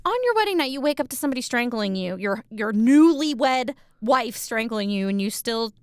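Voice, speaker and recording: Woman telling a crime story on a podcast, smooth clear voice, lots of ums and likes, dry sound. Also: a little high, expressive, moderate pace, no echo. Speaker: podcast co-host telling a true crime case. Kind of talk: casual true crime chat.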